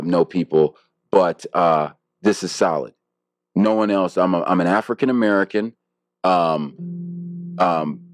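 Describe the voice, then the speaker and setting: A man's voice: low-pitched, no echo, clean studio sound. A man, a harpist guest in an interview, talking casually and reflectively with many fillers and restarts.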